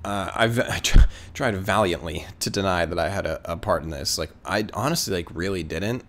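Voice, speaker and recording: Rambling low-voiced young man. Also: moderate pace, a bit bright. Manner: rambling, filler-heavy, profane. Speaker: vlogger. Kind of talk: casual storytelling.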